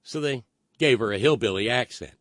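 A man's voice: mid-range voice, expressive, brisk, fairly bright tone, no echo, clean studio sound. A man hosting a casual monologue, opinionated and rambling, with stammering restarts as he reacts to chat messages. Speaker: live stream host reading chat.

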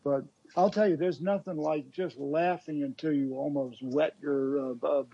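A man rambling on a call-in radio show, his voice coming through a dull, muffled phone line. He talks in halting starts with frequent chuckles, his tone dark and husky, pitched a little high. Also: fairly even intonation, no echo. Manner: rambling, halting, laughs often. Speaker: regular caller. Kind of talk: casual radio call-in chat.

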